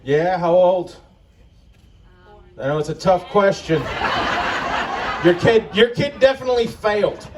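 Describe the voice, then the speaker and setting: A man's voice: high voice, lively intonation, a little slow, pauses often. A man doing a crude, profane stand-up comedy set in an outdoor festival tent, telling his stories with exasperation. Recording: distant crowd recording with background noise. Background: audience laughter.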